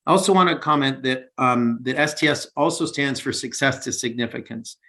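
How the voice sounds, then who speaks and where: A man's voice: mid-range voice, fairly quick, pushed and bright. Earnest man presenting on a webinar call. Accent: non-British. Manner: earnest, many fillers and restarts. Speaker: investment banker presenting.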